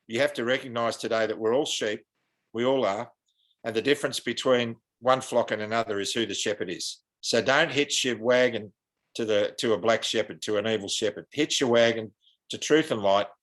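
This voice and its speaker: A man's voice: lowish voice, fairly bright tone. Earnest Australian man, impassioned. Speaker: guest. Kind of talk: earnest podcast interview.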